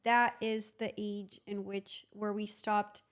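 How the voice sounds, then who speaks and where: A young woman from Argentina, native Spanish speaker, co-hosting a podcast with quick, playful asides. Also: medium pitch, level tone, clear, resonant tone. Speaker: podcast co-host. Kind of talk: casual chat.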